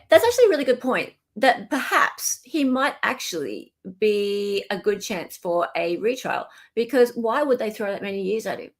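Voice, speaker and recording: A woman's voice: mid-range voice, a bit bright. An Australian woman hosting a livestream in casual chat, reading out viewer comments, thanking viewers by name and laughing often. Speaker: livestream host.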